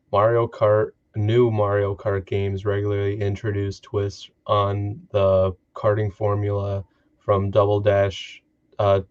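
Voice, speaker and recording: A man co-hosting a gaming talk stream, reading a news article aloud in a halting way, often stumbling and restarting words. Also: fairly low pitch, darkish tone. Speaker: co-host. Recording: dull lo-fi stream audio.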